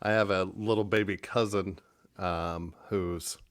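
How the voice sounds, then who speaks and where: A man's voice: sits low, measured pace. A man co-hosting a podcast, telling a rambling story in casual chat and swearing freely. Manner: animated storyteller, swears, shouts mock-outraged quotes. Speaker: podcast co-host.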